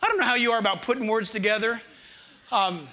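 With a high-sitting voice that comes across pushed and bright, an older man preaches a chatty, funny sermon. He slows when reading scripture so the verses land with emphasis.

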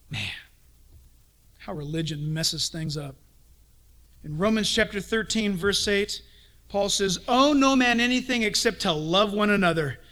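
A man preaching a sermon as pastor, animated, swinging from sudden shouts to hushed asides. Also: high voice.

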